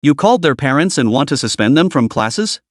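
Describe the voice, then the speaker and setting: A man voicing a calm, nonchalant young male student in a story recap, probing and steady. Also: mid-range voice, brisk, no room sound, clean studio sound, lightly acted.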